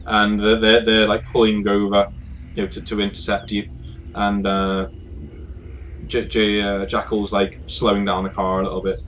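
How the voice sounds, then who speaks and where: Halting low-voiced man narrating a game. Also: monotone, fairly bright tone, slight background noise. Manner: halting, full of fillers and restarts. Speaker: game master.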